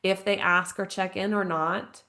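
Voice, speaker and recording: A woman in her thirties speaks as a podcast interview guest, with a mid-range voice. She tells her story earnestly and reflectively. Her talk is loose and conversational, full of "like" and soft laughs. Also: medium pitch, level tone, measured pace, vocal fry. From United States. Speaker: podcast guest, grief counselor and author. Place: home, living abroad.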